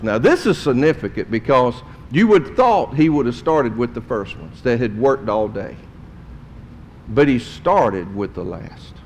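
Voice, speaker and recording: Animated preacher in a reverberant hall. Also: male voice, a little high. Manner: animated, conversational preaching with asides. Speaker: pastor. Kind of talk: sermon.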